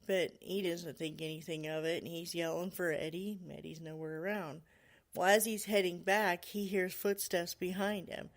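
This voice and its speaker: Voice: mid-range voice, steady tone, moderate pace. A podcast host casually retelling a story, full of "you know" and "like," laughing now and then.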